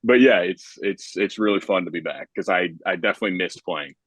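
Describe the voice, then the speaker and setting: A young man with a very low, deep voice talks about pitching in a loose, rambling podcast chat. He keeps sliding in filler words. The sound is dry and close, with no room echo. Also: fairly quick, fairly bright tone. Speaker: professional baseball pitcher.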